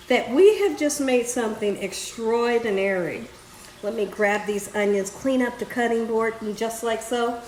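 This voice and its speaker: A woman hosting a home cooking demonstration, talking straight to her viewers with plenty of excited exclamations. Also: a little high, a little hiss or hum. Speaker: cooking show host. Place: home kitchen. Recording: echoey kitchen.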